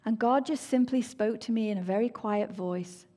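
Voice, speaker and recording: A woman shares a personal faith testimony in an earnest, emotional way. Her voice sometimes sinks to a soft, hushed near-whisper. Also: fairly high pitch, normal speed. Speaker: speaker sharing a personal testimony.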